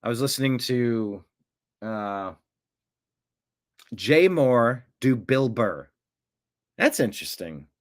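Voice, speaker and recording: A man's voice: medium pitch, animated, slow pace, pauses often. A man hosting a casual livestream, talking in a rambling, jokey way and often interrupting himself. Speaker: livestream host.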